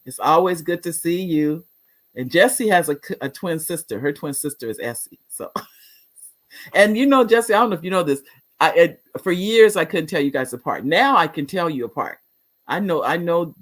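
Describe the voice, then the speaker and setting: Reading out viewer comments on her casual live talk show, a deep-voiced middle-aged woman chats and rambles, laughing frequently.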